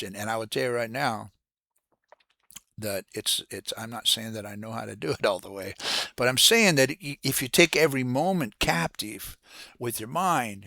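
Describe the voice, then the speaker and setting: A man giving an earnest, casual devotional talk, halting and restarting as he repeats words. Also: medium pitch, fairly bright tone, no room sound. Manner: earnest, preacherly. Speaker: host of a Christian devotional channel.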